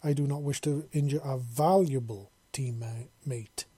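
A man reading a story, voicing a gruff, stiff-spoken female alien warrior. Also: high voice, sing-song, fast, mellow, no room sound, pitched above the performer's own voice. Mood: stern. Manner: stiff, formal.

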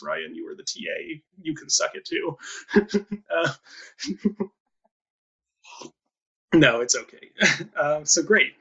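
Gravelly bright-voiced man, chatty host. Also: mid-range voice. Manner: chatty, laughs often, many fillers. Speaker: podcast host. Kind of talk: casual interview chat. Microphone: video call.

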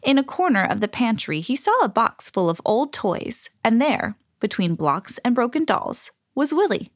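A woman reading a children's storybook aloud in an expressive, animated way. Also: fairly high pitch, moderate pace, no echo, studio quality.

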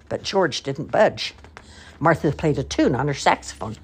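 An older woman, a grandmother, reading picture books aloud with an expressive storytelling cadence. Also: low-pitched, normal speed, breathy edge. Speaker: storybook reader.

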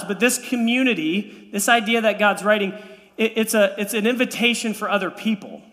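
A man in his thirties preaches to his church with a notably high, bright voice. He tells family stories and adds playful, animated asides. His voice rings out with the long reverb of a large church hall. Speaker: pastor. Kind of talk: sermon. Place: church sanctuary.

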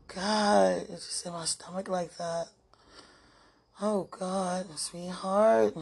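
A woman recording an emotional spoken message to a loved one, halting and sighing, dropping to breathy whispers at times. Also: medium pitch, a little mellow. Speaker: podcaster.

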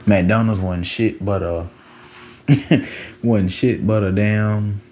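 A man in his twenties hosts a podcast in a fairly low, fairly even voice, speaking slowly, with the highs cut off and slight background noise. His casual monologue is loose and rambling, full of slang and "you know what I'm saying."

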